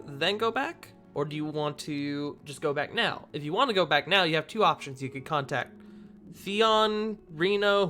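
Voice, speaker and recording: A man narrating as the game master of a tabletop game, easygoing and quick to laugh. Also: on the high side, sharp tone.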